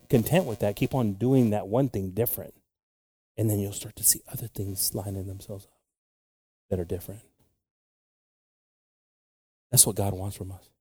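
A man's voice: on the low side, mellow, breathy edge, no room sound. A man preaching a sermon as pastor, in a casual, rambling way, chuckling and restarting his sentences.

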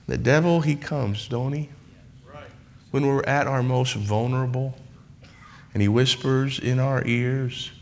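A man's voice: mid-range voice, slight background noise. A man preaching a sermon in church, building repeated refrains that rise into emphatic passages. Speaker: pastor.

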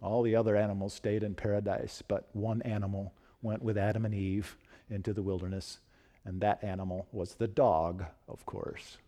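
A man delivers a sermon in a lowish, mellow voice and tells a story, acting out the dialogue between its characters. He closes slowly and solemnly, reading a poem and giving a blessing. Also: level tone. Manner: slow and solemn when quoting poetry and blessing. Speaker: preacher.

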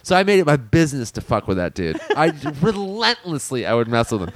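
A man co-hosting a podcast, telling long work stories in a casual, profane, lively way. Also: medium pitch, fairly quick, no echo. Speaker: podcast co-host.

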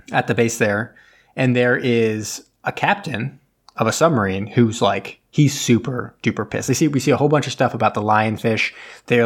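A man co-hosting a podcast, casually recapping a film with lots of fillers and offhand paraphrase. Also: medium pitch. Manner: rambling, many fillers, mimics characters in paraphrase. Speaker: podcast co-host. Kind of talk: casual movie recap chat.

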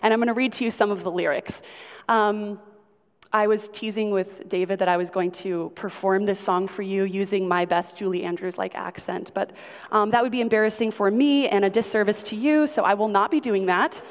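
A woman teaches a Bible lesson in a relaxed, chatty way, tossing questions out to her listeners. Her voice sits at a middling pitch. The sound rings with the long reverb of a large hall. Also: brisk. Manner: chatty, asks the audience questions, frequent ums. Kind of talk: conversational Bible teaching to a group.

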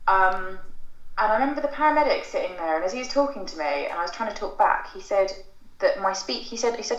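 Chatty woman, low voice, roomy lo-fi. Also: a little fast. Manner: chatty storytelling, rambling with fillers and self-corrections. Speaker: guest. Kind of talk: casual podcast chat. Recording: roomy, dull lo-fi sound.

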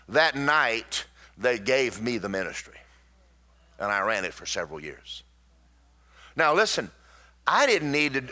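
A man preaching a sermon in a church, telling personal stories in an animated way, with sudden loud bursts and slowed, drawn-out emphasis. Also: mid-range voice.

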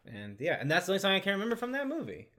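A man's voice: sits high, wildly swooping pitch, very fast, a crowd in the background. A man co-hosting a casual podcast, teasing his friends and swearing freely. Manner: teasing and profane. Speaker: podcast co-host. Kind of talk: casual chat.

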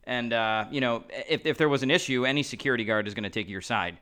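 A man's voice: mid-range voice, fast talker, pushed and bright, smooth. A man co-hosting a podcast in casual chat, retelling stories and recapping plays. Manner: recaps game plays matter-of-factly. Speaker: podcast co-host.

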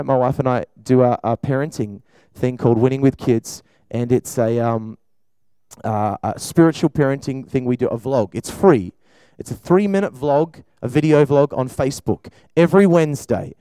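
A man preaching and praying in a church service, fervent, swinging between loud cries and quiet talk. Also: medium pitch, normal speed, clean tone, no room sound, low-quality recording. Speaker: pastor. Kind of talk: sermon with prayer.

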